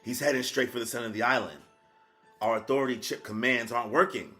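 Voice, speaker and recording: A man's voice: mid-range voice, steady tone, fast, bright, forceful tone, close to an everyday voice. A man voicing a soldier delivering an urgent report as he reads a comic aloud, over faint background music. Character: male soldier reporting an emergency.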